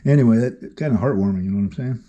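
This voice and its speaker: A man telling a casual vlog story in a rambling, halting way, with many restarts. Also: muffled recording, a little hiss or hum. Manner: talks softly and higher to the dogs. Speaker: vlogger.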